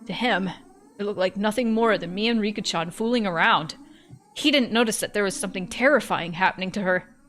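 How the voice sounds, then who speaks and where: A woman's voice: medium pitch, a little fast, a bit bright, a little hiss or hum. A woman streamer narrating a visual novel in first person, reading expressively and breaking off for joking asides.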